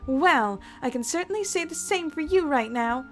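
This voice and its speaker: A woman reading as a defensive young woman with a sharp tongue. She snaps back in a high, indignant voice, with faint music behind. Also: expressive, normal speed. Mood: sarcastic.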